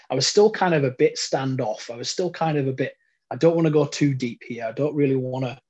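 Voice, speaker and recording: A man's voice: mid-range voice, a little mellow, slightly rough, dull audio. A middle-aged man from the UK giving an earnest, reflective personal testimony from his front room at home. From United Kingdom. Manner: reflective and earnest, with frequent ums. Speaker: speaker sharing his life story.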